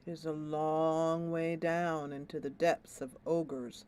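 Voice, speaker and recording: A woman's voice: deep voice, fairly even intonation, takes it slowly, hardly any pauses, a little mellow, clear, resonant tone. A woman streamer narrating a story-driven fantasy video game aloud, thoughtful and musing.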